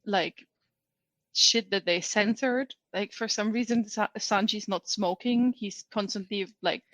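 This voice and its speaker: A woman's voice: medium pitch, measured pace, a bit bright, no room sound. A woman guest in a casual podcast chat, talking in a loose, rambling way with frequent restarts.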